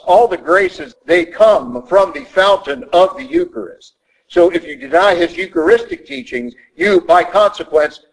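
A man's voice: fairly high pitch, creaky, rough recording. A man giving a Catholic teaching talk in an emphatic, repetitive way, acting out the quotes he cites. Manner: emphatic, repeats points, acts out quotes. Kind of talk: sermon.

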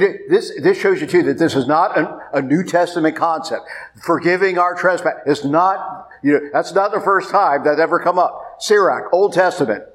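A man preaching a sermon as a priest, emphatic and repeating his points. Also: fairly high pitch. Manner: emphatic, repeats points, rises sharply when pressing.

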